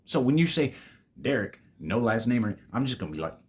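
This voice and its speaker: A man's voice: mid-range voice, big pitch swings, a little fast. A man casually telling a storytime tale to his viewers, laid-back and full of swearing, calling them babies. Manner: profane, laid-back, calls listeners "babies".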